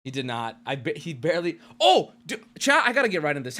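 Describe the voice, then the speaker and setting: A man's voice: high voice, quick pace, shouting. A jet-lagged man hosting a casual livestream chat, rambling and swearing as he talks. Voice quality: animated, profane, rambling. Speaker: streamer host.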